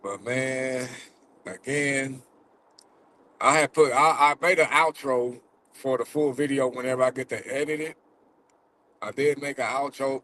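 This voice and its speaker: Driving while he vlogs, a man who catches predators talks casually to his viewers, loose, profane, full of fillers, and fighting back tears. His mid-range voice has a fairly bright tone, and the low-quality recording carries a little hiss or hum.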